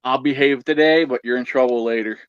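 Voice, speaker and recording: A man's voice: mid-range voice, fairly even intonation, a little fast, smooth, no echo, lo-fi sound. A man hosting a casual livestream chat, easygoing and chatty, reading out viewer comments. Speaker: livestream host.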